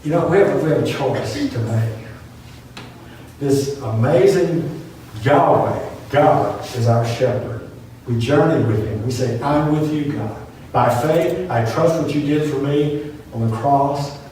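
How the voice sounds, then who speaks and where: A man's voice: mid-range voice, a little slow, dark tone, slight background noise. A man preaching a sermon, telling a story with earnest, repeated emphatic phrases. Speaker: pastor. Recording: very echoey room from far off.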